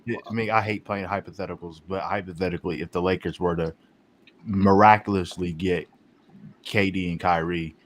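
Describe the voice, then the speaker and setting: A man's voice: low-pitched, steady tone, moderate pace. A man co-hosting a casual sports chat, stammering and laying out his points one by one. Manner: repeats words, lists points by number. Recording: faint background noise.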